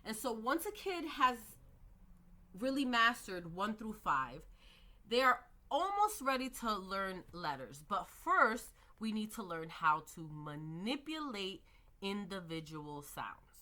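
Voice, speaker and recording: A woman teaching early reading skills, slowly modelling words and sounds with patient explanations. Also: medium pitch, big pitch swings, sharp tone. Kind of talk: instructional lecture.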